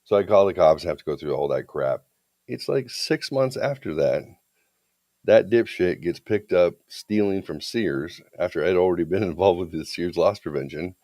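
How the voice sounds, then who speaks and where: Deep-voiced middle-aged guy telling a story, lots of swearing, really lively up and down. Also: no echo, studio quality. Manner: animated, swearing, mimics others in quotes. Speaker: podcast host. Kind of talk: casual storytelling chat.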